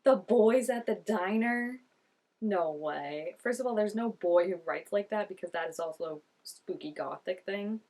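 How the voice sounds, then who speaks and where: Young female reaction vlogger, mid-pitched, talkative, excitable, heavy on "like", quick to laugh. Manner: gushing, chatty, laughs often, many "like" fillers. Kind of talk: casual reaction commentary.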